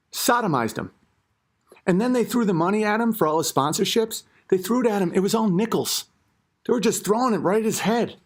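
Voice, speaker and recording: A man hosting an online comedy rant, crude and mocking. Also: sits high.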